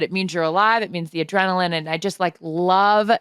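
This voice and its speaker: A woman's voice: lowish voice, steady tone, brisk, a bit bright, smooth, dry recording, studio quality. A woman co-hosting a podcast in a casual chat, gushing with enthusiasm and swearing freely. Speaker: podcast co-host.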